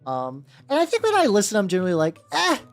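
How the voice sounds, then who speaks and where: A man's voice: high voice, huge pitch swings, very fast, darkish tone. Male streamer in his 30s, rambling casual chat, cusses freely, music faintly behind. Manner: rambling, swearing, slipping into goofy voices. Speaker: VTuber streamer. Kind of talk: casual chat while painting miniatures.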